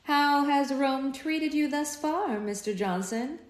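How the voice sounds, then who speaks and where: A woman reading aloud, voicing a calm, menacing female villainess in a roomy space. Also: high voice, slow, voice pushed up. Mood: cold menacing. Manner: calm, quietly threatening. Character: cold menacing female time-traveling villainess. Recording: roomy echo.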